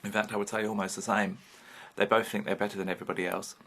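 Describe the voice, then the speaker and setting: A British man in his fifties with a gravelly, bright edge to his voice. He talks frankly and rambles on, speaking straight to the camera in a personal vlog, and swears casually as he goes. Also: on the low side, little pitch movement, quick pace. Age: 50s. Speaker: vlogger. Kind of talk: candid personal vlog monologue.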